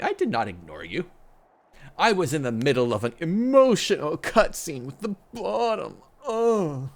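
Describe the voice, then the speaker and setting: Male game streamer, teasing and laughing, tired voice, very lively intonation. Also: a little high, measured pace. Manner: playful, teasing, laughing often. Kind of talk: casual game stream chat.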